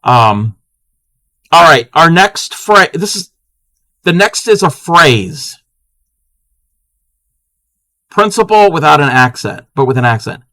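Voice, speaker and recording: A playful man hosting a live crafting stream, chatting loosely with his viewers and laughing as he goes. His voice sits a little high and swings widely in pitch, with a bright, forward edge. The sound is close and dry. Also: very animated, unhurried, no room sound. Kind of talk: casual live-stream chat, reading viewer comments.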